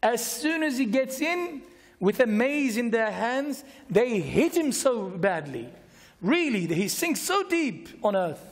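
Man lecturing on faith, emphatic, repetitive, high voice, long hall reverb. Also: big pitch swings. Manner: emphatic, repetitive, slow stress on key words. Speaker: Islamic lecturer. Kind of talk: Friday night religious lecture.

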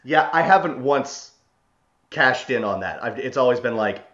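A young man co-hosting a podcast, speaking haltingly with fillers and repeated starts. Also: medium pitch, expressive, fairly bright tone, muffled recording. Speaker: podcast co-host. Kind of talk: casual chat.

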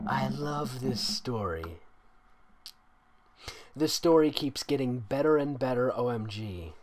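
A man's voice: medium pitch, lively intonation, slow pace, pauses often, crowd noise. A man doing a comedic reading of a bad fan story, mocking it with sarcastic asides that swing from mumbles to outbursts. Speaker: fanfic reader and voice actor. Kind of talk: comedic dramatic reading with commentary.

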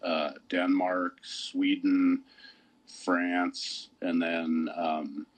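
A man's voice: sits low, level tone, extremely slow, poor audio. A man, a tattoo artist guest, telling stories in a laid-back, casual way and swearing often. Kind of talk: casual conversation.

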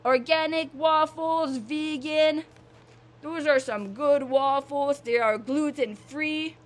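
High-voiced excitable young woman vlogger. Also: slow pace. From Canada. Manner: repetitive, excitable, gushing. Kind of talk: casual vlog monologue.

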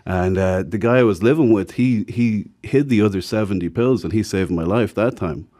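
A man's voice: fairly low pitch, normal speed. A man with an Irish accent, a guest telling stories frankly in casual talk and acting out the people he quotes. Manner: frank, animated when quoting others. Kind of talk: casual storytelling.

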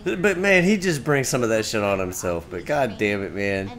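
A man's voice: fairly low pitch, expressive, normal speed, fairly bright tone. A man casually retelling old stories to a friend, laughing often and swearing freely. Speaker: gaming streamer. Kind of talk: casual storytelling chat.

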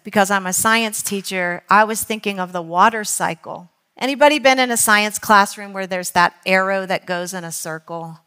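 A woman teaching a Bible study in church, earnest, reading quotations slowly and now and then correcting herself. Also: medium pitch, pushed and bright. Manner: earnest, reads quotes slowly, with self-corrections. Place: church hall.

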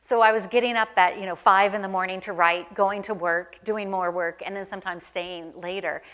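A woman's voice: mid-range voice, fairly even intonation, brisk, fairly bright tone. A middle-aged woman speaks as the guest curator at a museum talk, trading anecdotes before an audience. Her delivery is chatty and self-deprecating, full of small ums and asides. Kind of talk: onstage conversation, anecdotal storytelling.

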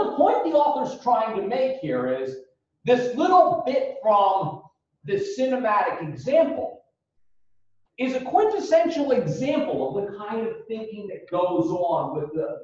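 A male lecturer speaks in an unhurried, high, highly expressive voice. He is heard from a distance through a dull, lo-fi recording. The classroom around him is very echoey. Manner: animated, acts out quotes with raised voice. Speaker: ethics lecturer.

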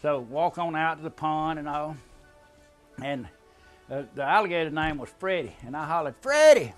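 A man's voice: fairly high pitch, moderate pace, fairly bright tone, faint music behind. An older man telling a family story in a folksy, drawling way, chuckling often. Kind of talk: casual storytelling.

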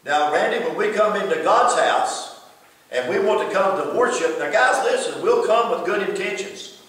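A man's voice: high voice, lively intonation, normal speed, a bit bright. A man preaching a sermon, emphatic and calling out listeners by name. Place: church. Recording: echoey hall from far off.

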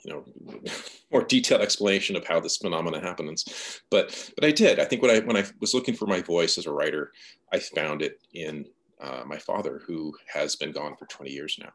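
A man with a low, deep voice talks about his writing in a relaxed, reflective way. He is the guest in an interview, soft-spoken and personal. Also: fairly quick. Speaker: novelist guest.

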